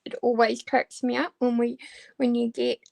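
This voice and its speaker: A woman's voice: on the high side, little pitch movement, normal speed, vocal fry, a little mellow. A woman chatting casually with viewers while crafting, hesitant and full of ums as she answers them. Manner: hesitant, many ums and restarts. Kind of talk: casual chat while diamond painting.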